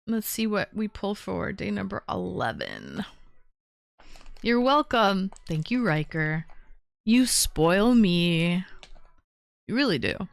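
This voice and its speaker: A woman's voice: medium pitch, wildly swooping pitch, a little slow, creaky, fairly bright tone, no room sound. A woman from Toronto, a full-time streamer, chatting casually on a livestream as she unboxes gifts and answers viewers from chat. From Toronto, Canada. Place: home, small town.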